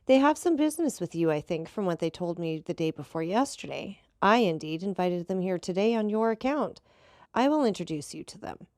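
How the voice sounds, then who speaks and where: A man's voice: high voice, big pitch swings, fairly quick, darkish tone, dry recording, studio quality. A woman reading as a composed, mocking male count who hosts a dinner. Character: mysterious wealthy male count, calm, ironic host.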